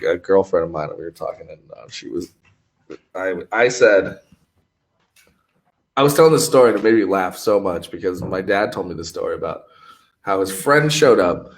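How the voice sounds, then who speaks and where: A man's voice: sits low, animated, moderate pace, pauses often. A man hosting a podcast, telling rambling stories in casual chat, swearing often and laughing a lot. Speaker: podcast host.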